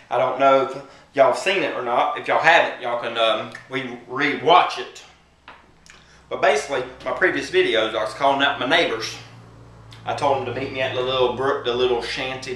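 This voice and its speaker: A boastful man spins a playful comic tale for his followers, full of swagger. His voice is bright and forward. It sounds roomy, captured by a camera mic a few feet away. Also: medium pitch, far from the mic. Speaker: comedy vlogger.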